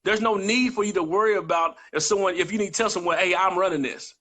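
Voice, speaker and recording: An earnest man on a live-streamed motivational chat, with a notably high voice. His tone is bright and ringing. He drives his points home by repeating phrases. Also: fast. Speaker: guest co-host.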